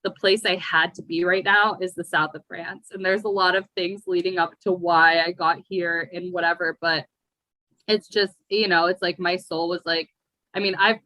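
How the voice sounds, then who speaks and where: Young american woman rambling on, lots of likes and ums, bright voice, dry sound. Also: on the low side, fairly even intonation, normal speed, no room sound, poor audio. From United States. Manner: chatty, lots of fillers. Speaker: guest poet. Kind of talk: casual conversation. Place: remote call from abroad.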